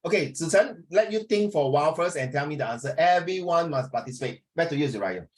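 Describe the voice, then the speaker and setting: Middle-aged man, animated and teasing, lively up-and-down pitch, fairly high voice, video call sound. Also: fast talker. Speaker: English tutor. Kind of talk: online class teaching.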